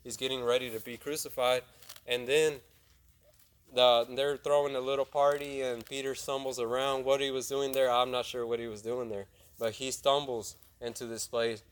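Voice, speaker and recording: This youth preacher is a young man with a medium-pitched voice, fairly even intonation, and a moderate pace. Speaking conversationally, he recounts a Bible story in plain words, quizzes the audience, and acts out what the people in it say.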